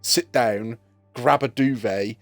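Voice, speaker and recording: A man's voice: mid-range voice, slow pace, no echo, clean studio sound, faint music behind. A man in casual gaming chat who tells funny stories and acts out the lines he quotes.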